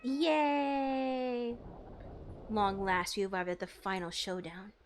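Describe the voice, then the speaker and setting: A young woman streaming herself playing a game, chatting casually and playfully, swinging from loud outbursts to quiet mumbles. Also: medium pitch, little pitch movement, normal speed, slight background noise. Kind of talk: casual gameplay commentary. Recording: faint game music behind.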